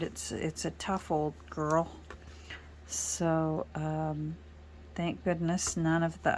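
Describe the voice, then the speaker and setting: A woman chatting casually as she works in her craft studio, rambling gently with many fillers. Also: deep voice, slight background noise. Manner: chatty, rambling, soft-spoken with frequent fillers. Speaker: junk journal crafter. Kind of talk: casual chat while crafting.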